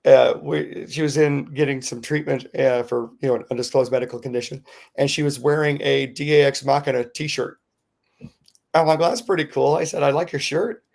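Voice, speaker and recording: Middle-aged guy with a gravelly voice, rambling podcast story, lots of uhs. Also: mid-range voice, normal speed. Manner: rambling, animated retelling with many fillers. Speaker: podcast co-host. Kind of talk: casual storytelling.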